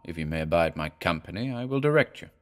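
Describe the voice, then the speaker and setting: A man voicing a tall, thin, masked wanderer who speaks with soft, old-fashioned courtesy. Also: low voice, animated, quick pace. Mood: courteous. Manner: softly courteous, archaic speech.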